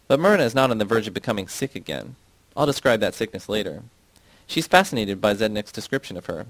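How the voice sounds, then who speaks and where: A man reading a letter aloud as narrator in a steady, measured way. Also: on the low side, no echo, low-quality recording. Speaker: audiobook reader.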